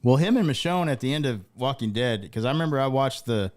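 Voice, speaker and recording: A man's voice: medium pitch, animated, fast. A man co-hosting a casual podcast in a laid-back way, swearing and saying dude. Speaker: podcast co-host. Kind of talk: casual sports and pop-culture chat.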